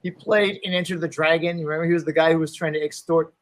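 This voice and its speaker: A man in his fifties, a martial arts instructor and actor, tells a story in a casual interview, talking fast in a slightly high voice with fairly even intonation. He's loose and chatty, says "you know" constantly, and acts out the people he quotes. The audio quality is poor.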